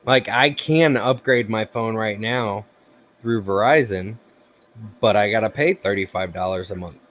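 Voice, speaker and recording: A man hosting a livestream in casual chat, an animated storyteller who acts out the voices he quotes. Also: lowish voice, a little slow. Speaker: livestream host.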